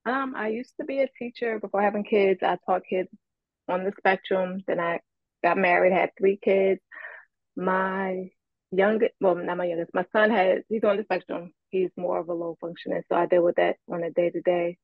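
Woman co-host, hoarse from illness, matter-of-fact, muffled dry recording. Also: lowish voice, fairly even intonation, normal speed, no echo. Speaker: podcast co-host. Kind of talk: casual podcast chat.

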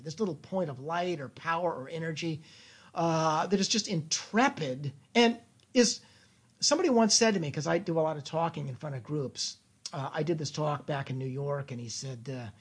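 Playful husky-voiced man. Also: fairly high pitch. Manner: playful, animated, many restarts. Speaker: guest, creative thinking consultant. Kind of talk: casual interview chat.

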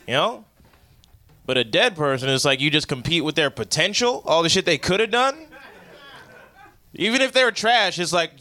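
A man's voice: fairly high pitch, lively intonation, normal speed, bright, forceful tone. A young man doing a stand-up comedy set, talking in a loose, profane, conversational way and acting out the voices he quotes.

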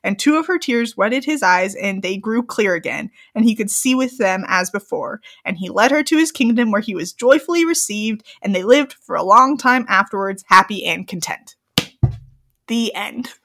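A woman's voice: mid-range voice, lively intonation, normal speed, hardly any pauses, a bit bright. A young woman reading a fairy tale aloud, breaking off into giggly, joking commentary. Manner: giggly, reads old-fashioned text then breaks into joking commentary. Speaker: story reader and co-host.

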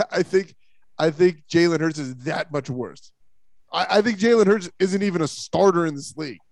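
Brief: male sports-talk host, slightly high voice, dry close mic, blunt and opinionated, repeats himself when riled. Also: dry recording. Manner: opinionated, emphatic, stumbling restarts. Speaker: podcast host.

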